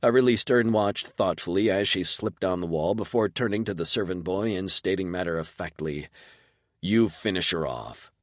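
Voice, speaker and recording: A man narrating a first-person sci-fi audiobook in a measured, terse manner. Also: sits low, dry recording, studio quality.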